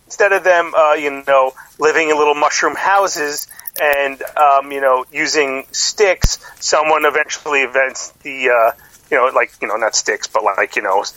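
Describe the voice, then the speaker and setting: A man's voice: on the high side, normal speed, bright, forceful tone, low-quality recording. A middle-aged man co-hosting a podcast in casual chat, rambling with lots of fillers and restarts. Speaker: podcast co-host.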